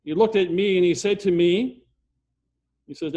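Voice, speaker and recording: Older male preacher, slightly high voice, emphatic and repetitive, with swings from loud to hushed. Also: moderate pace. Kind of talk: sermon storytelling.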